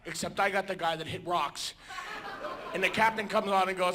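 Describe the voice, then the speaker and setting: A male stand-up comedian telling animated stories on a theater stage, breaking into sudden shouts. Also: high voice, moderate pace, noisy background. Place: theater stage before a live audience.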